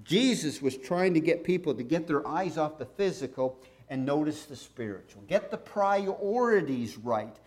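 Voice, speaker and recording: Lively conversational male preacher. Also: fairly high pitch, normal speed, few pauses. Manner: lively, conversational, reads scripture aloud. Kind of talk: sermon.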